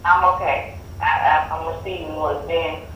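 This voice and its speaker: A woman calling in for a tarot reading, answering hesitantly and softly. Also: sits low, steady tone, moderate pace. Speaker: caller getting a reading. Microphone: phone earbud. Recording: distant, echoey phone line with faint noise.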